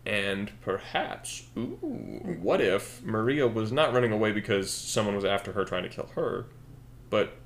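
A young man co-hosts a casual podcast, working out a story idea aloud. His voice sits a little low, and he keeps circling back, correcting himself and stacking fillers as he goes. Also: moderate pace, slight background noise. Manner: rambling, thinks aloud with fillers and self-corrections. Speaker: podcast co-host.

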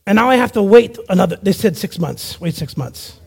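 Brisk and gravelly, with a slightly rough edge, this man preaches his personal testimony as an evangelist. He's a lively storyteller who voices the people he quotes and drops to a low hush for emphasis.

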